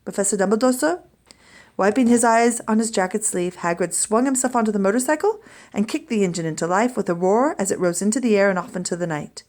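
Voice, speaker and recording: Teacher lady reading a chapter out loud to her class, clear and expressive. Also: mid-range voice, fast. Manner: clear storytelling narration, expressive. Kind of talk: reading a book aloud to students.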